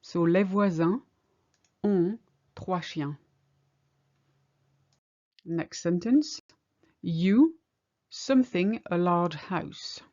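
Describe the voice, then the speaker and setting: A woman teaches a language lesson, working through each example slowly and patiently. Her voice sits fairly low, and the recording sounds a little dull and lo-fi. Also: dark tone. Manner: patient, explains step by step. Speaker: French teacher.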